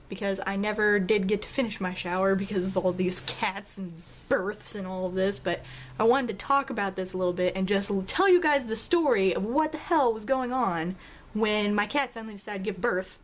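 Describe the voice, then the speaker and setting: A young woman vlogger talks to her viewers in a loose, chatty way at normal speed. She tells a story with animated pitch swings and bursts of laughter, jumping up high whenever she acts out a quote.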